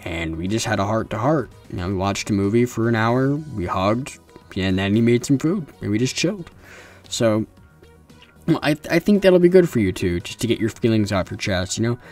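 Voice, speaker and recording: A man's voice: fairly low pitch, lively intonation, normal speed, darkish tone, faint music behind. A young man hosting an advice video, talking in a casual, earnest, consoling way with frequent restarts, recorded in a room at home.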